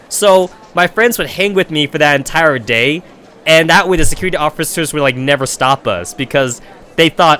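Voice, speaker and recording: A man's voice: on the high side, brisk, fairly bright tone. A young adult man streaming a game and telling a rambling, profane story in a casual way.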